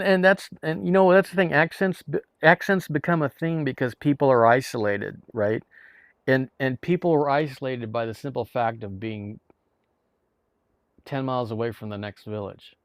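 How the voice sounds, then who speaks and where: A man's voice: medium pitch, dry recording. Rambling male streamer, dry close sound. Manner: rambling, many restarts and repeated words. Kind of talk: casual live-stream chat to viewers. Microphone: streaming mic.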